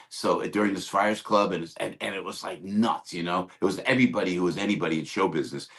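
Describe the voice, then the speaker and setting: An older man who is a guest comedian, telling show-business anecdotes in an animated way, acting out quoted voices and repeating words for effect. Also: deep voice, quick pace, few pauses.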